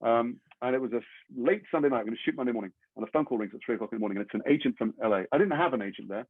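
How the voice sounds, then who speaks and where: A man from England, an actor guest telling stories in a casual, lively way and slipping into the voices of the people in them. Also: mid-range voice, racing, slightly rough, no room sound. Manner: lively raconteur who acts out the other people in his stories. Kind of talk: casual anecdote storytelling. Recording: dry, phone-like narrow audio.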